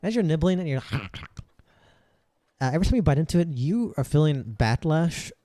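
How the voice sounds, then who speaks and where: A man's voice: a little high, big pitch swings, moderate pace, mellow, no room sound. A man narrating as game master in a tabletop game, in a rambling, casual way.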